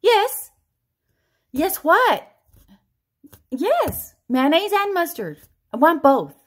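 A woman voicing her confused, hard-of-hearing elderly father, loud and repeating himself. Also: very high-pitched, very animated, extremely slow, pitched above the performer's own voice, full character voice. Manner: loud, repetitive, bewildered.

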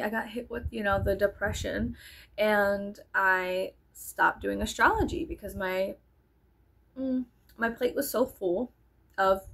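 A woman's voice: medium pitch, vocal fry, fairly bright tone, breathy edge. A woman from South Texas vlogging in a casual rambling monologue, chatty and joking, with frequent swearing and sudden drops to a whisper.

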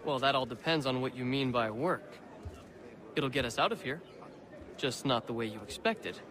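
A man's voice: mid-range voice, animated, moderate pace, natural voice. Man doing a scheming jailed forger, video game cutscene, wry and lecturing, busy crowd behind. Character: scheming middle-aged imprisoned male colonial forger.

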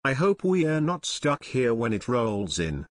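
A man reading the part of an excitable teenage boy in an adventure audiobook, exclaiming and shouting. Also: mid-range voice, unhurried, no echo, clean studio sound. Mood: worried.

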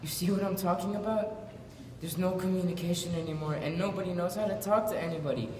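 A man's voice: high voice, fairly even intonation, fast, noisy background, natural voice. A male performer playing a desperate teenage son who pleads earnestly with his mother in a stage monologue. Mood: pleading. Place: school auditorium. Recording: echoey hall, mic far off.

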